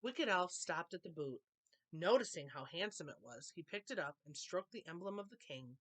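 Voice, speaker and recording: A woman reading a children's picture book aloud with expressive, animated storytelling. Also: lowish voice, moderate pace. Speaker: storytime reader.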